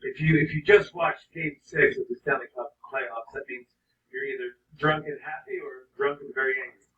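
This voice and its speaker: Male late-night host, bright comic monologue, roomy and off-mic studio sound. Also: mid-range voice, fairly even intonation, a little hiss or hum. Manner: joking, quick asides. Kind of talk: comedy monologue. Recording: dull, distant, roomy audio.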